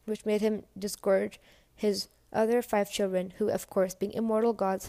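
A woman voicing a demanding male teacher who speaks in a formal, earnest, measured way. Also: mid-range voice, dark tone, no room sound, natural voice.

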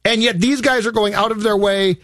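A man's voice: high voice, steady tone, brisk, a bit bright, no echo, clean studio sound. A man co-hosting sports talk radio, ranting in an exasperated, emphatic way.

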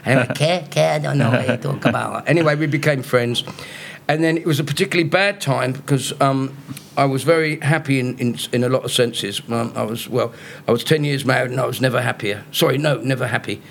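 This comedian speaks fast in a mid-range voice that's a bit bright, with a little hiss or hum in the recording. Guesting on a live podcast, he tells stories, ribs the audience and laughs at his own lines.

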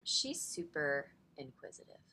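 A woman in her thirties speaks with a lowish, gravelly voice that crackles with vocal fry. Her tone is bright and forward, and she talks in a chatty, rambling way, full of "like". She sounds close to tears at times. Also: sing-song, unhurried. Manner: chatty, fills speech with "like". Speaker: podcast guest. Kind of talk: personal storytelling in a faith podcast conversation.

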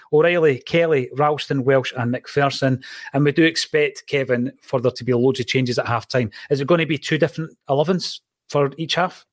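A man hosts a football fan podcast with a chatty, storytelling manner. His voice sits at a middling pitch. The sound is close and dry. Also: no room sound. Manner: chatty, tells anecdotes. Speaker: podcast host. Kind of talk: casual football chat.

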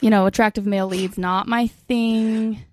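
A woman's voice: mid-range voice, fairly even intonation, moderate pace, darkish tone, no room sound. A young woman from Washington state co-hosting a podcast, chatting in a bubbly, jokey, rambling way with lots of fillers. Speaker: podcast co-host. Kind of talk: casual chat.

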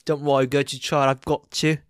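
A woman's voice: rumbling low, flat delivery, fairly quick, dry recording, clean studio sound. A woman co-hosting a casual podcast, teasing the others and swearing during a guessing game. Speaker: podcast co-host. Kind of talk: casual chat.

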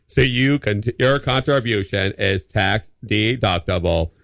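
A man's voice: fairly low pitch, a little slow, vocal fry, fairly bright tone, no echo. A man hosting a comic community radio show, reading donation copy with stumbles and giggles into a studio mic. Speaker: radio host. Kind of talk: comic community radio chat with on-air reads. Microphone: studio microphone.

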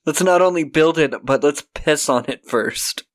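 A man co-hosting a podcast, recapping a film in casual chat, laughing, swearing and acting out lines in quick voices. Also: on the high side. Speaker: podcast co-host.

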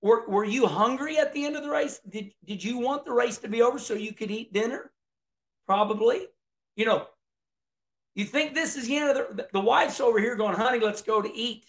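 Guy rambling about a race, high voice, lots of gravel in it, folksy and loose. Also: moderate pace. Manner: folksy, rambling, repeats words and restarts. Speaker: racing commentator. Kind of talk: casual video commentary.

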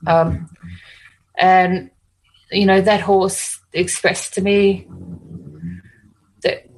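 A woman's voice: medium pitch, level tone, drawn-out words, poor audio. An Australian woman working as an animal communicator and hypnotist. She tells stories in casual conversation, rambling, restarting often and saying "you know" a lot.

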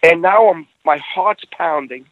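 A man's voice: fairly high pitch, unhurried, no echo, phone-quality sound. A middle-aged man telling a personal story in casual conversation, earnest, often restarting his phrases.

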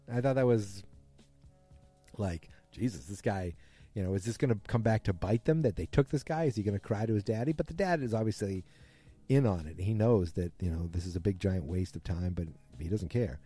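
Rambling low-voiced man recapping a show. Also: normal speed, dark tone, breathy edge, dry recording, faint music behind. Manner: rambling, self-correcting, quoting characters loosely. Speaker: podcast host. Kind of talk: casual episode recap.

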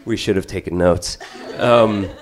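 A man telling a long story in stand-up style, profane, rambling and animated. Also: sits low, measured pace.

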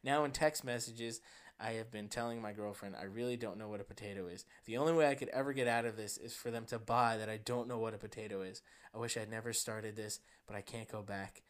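A man with a New Jersey accent, co-hosting a podcast in casual chat, reading a story with a deadpan delivery and bursts of laughter. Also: fairly low pitch, fairly quick, smooth. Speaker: podcast co-host.

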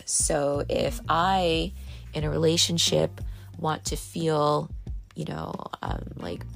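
Woman podcast host, low gravelly voice, candid rambling confessional chat with faint music under it. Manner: rambling, candid, filler-heavy with frequent laughs. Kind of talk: casual confessional monologue. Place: on a boat.

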